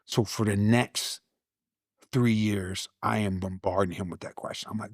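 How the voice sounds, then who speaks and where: A man telling a personal faith testimony in a casual conversation, animated, repeating words, and acting out his own past lines. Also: lowish voice, a little fast, dry recording, clean studio sound. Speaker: guest, Army veteran.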